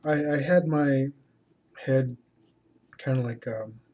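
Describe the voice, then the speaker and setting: A man's voice: medium pitch, slow, a little mellow. A man talking casually while he draws, rambling and hesitant, with many fillers and restarts. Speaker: artist. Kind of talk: casual talk while drawing.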